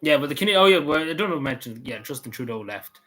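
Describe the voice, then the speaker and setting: Cavan irish guy rambling on a stream, bright sharp voice, lots of ums and restarts. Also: fairly high pitch, expressive, very fast. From Ireland. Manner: rambling, full of restarts and fillers. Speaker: vlogger. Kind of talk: casual livestream chat.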